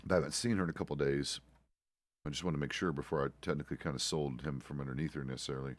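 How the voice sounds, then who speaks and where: A man's voice: rumbling low, steady tone, very fast, dry recording. A middle-aged man streaming a roleplay game, chatting casually in a rambling way, often correcting himself mid-sentence and swearing now and then. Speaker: streamer playing a deputy.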